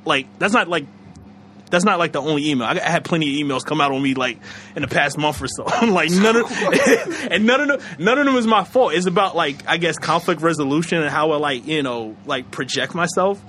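A young man chatting casually as a podcast host, rambling with lots of fillers and quick laughs. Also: a little high, animated, fairly bright tone, slight background noise. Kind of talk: casual chat.

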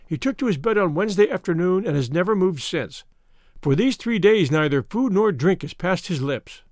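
A man's voice: sits high, expressive, moderate pace, a little mellow, no room sound, clean studio sound. A man doing an urgent, deferential servant. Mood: urgent worried.

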